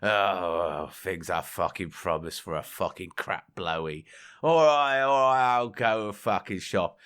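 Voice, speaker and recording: A loutish husband, drunk and foul-mouthed, grumbling in a gruff, slurred low voice, as a man puts him on in a told joke. The voice sits well below his normal speech and comes out heavy and muttered. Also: a little slow, a bit bright.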